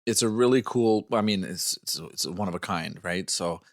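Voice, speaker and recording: A man's voice: low voice, moderate pace, no room sound, clean studio sound. A man co-hosting a movie review podcast as a dad, rambling, restarting his sentences and swearing casually.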